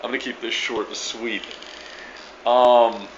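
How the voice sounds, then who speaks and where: A man's voice: mid-range voice, level tone, a little slow, lo-fi sound, slight background noise. A man from New Orleans with a local accent, recording an emphatic, stammering video reply and swearing casually. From New Orleans area. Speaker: video blogger.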